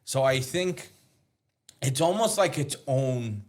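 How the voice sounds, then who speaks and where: A man's voice: mid-range voice, expressive, slow, darkish tone. A man, a chef guest in a casual interview, explaining things as he thinks aloud, with small restarts along the way.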